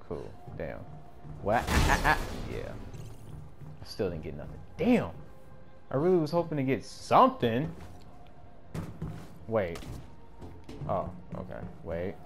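A man giving casual gameplay commentary in slangy speech, swinging between yelling and mumbling. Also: fairly low pitch, big pitch swings, measured pace, pauses often. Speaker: gamer. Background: game music.

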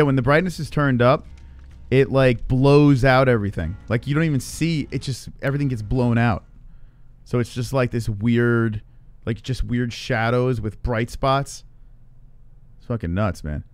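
A man talks through a horror game on a live stream, swearing freely and quick to startle. He mocks his own poor play in a casual, middle-pitched voice. Faint music plays behind him at his computer. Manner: swears a lot, jumpy, self-mocking. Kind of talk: live gameplay commentary. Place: home room with gaming computer.

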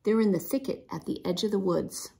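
Woman doing a bright eager little colonial girl, gravelly storybook voice. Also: medium pitch, a little fast, natural voice. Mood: cheerful. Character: lively young colonial girl.

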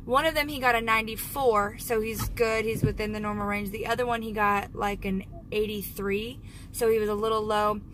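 A woman's voice: medium pitch, fairly even intonation, a little fast, background noise. A young woman chatting casually in a family vlog, upbeat and sing-song when she talks to her kids. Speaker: family vlogger and mother.

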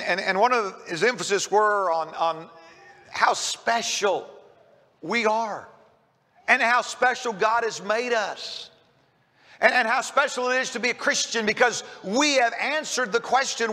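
A Kentucky preacher with an extremely high, sharp-toned voice delivers an emphatic sermon in a church sanctuary, his words trailing off into long reverb. He frequently restarts sentences by repeating their opening words.

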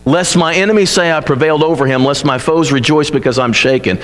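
A man's voice: fairly high pitch, quick pace, fairly bright tone, long reverb tail. A man preaching a sermon in an earnest, conversational way, voicing bold complaints to God as he reads the psalms.

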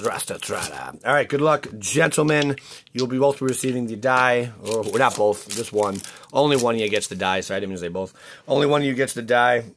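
A man's voice: mid-range voice, a little hiss or hum. A man hosting his channel, chatting casually and rambling with frequent restarts as he opens card packs, his voice cracking. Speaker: card-opening channel host. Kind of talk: casual commentary while opening packs.

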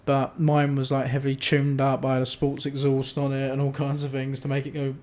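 A man, co-hosting a podcast and telling animated stories in casual chat. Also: medium pitch, a little fast. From England. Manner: chatty storyteller, animated, restarts often. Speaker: podcast co-host.

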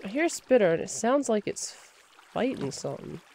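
A woman's voice: mid-range voice, very animated, fairly quick, mellow, a little hiss or hum. A woman giving chatty let's play commentary, talking to in-game items and shrieking when startled. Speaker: gamer.

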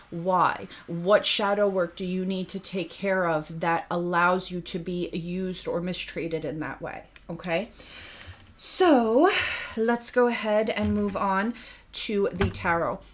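A woman's voice: lowish voice, steady tone, a little slow, a bit bright. Slightly breathless woman giving a tarot reading. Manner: earnest, addresses the listener by star sign, asks rhetorical questions ending in "okay?". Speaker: tarot reader.

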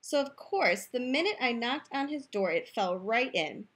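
A woman's voice: on the high side, animated, moderate pace, a bit bright, husky. A woman playfully reading a picture book aloud, telling the story in first person as the wolf, in a youth room.

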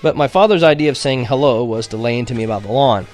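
A man's voice: mid-range voice, fast talker, darkish tone, faint music behind. Wry man narrating an audiobook. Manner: wry, conversational storytelling. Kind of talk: first-person audiobook narration.

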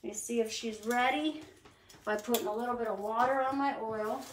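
A woman's voice: fairly high pitch, steady tone, brisk, recorded from a distance. A woman hosting a casual cooking livestream from her home kitchen, chatting straight to her viewers as she cooks. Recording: noisy home recording with clicks.

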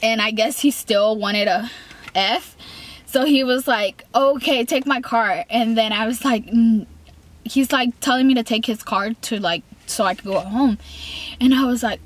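A young woman chats through a storytime in a slightly high voice. She rambles and restarts, stacks up fillers, and breaks into giggles between lines. She acts out her own side of the story. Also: normal speed. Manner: rambling, lots of fillers and restarts, quotes herself. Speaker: vlogger. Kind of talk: casual storytime chat.

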